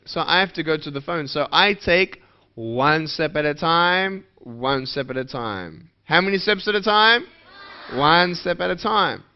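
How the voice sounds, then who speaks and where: A man's voice: sits high, unhurried, clear, resonant tone. A man giving a motivational speech to schoolchildren in a playful way, asking the audience questions. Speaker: motivational speaker. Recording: dull lo-fi recording.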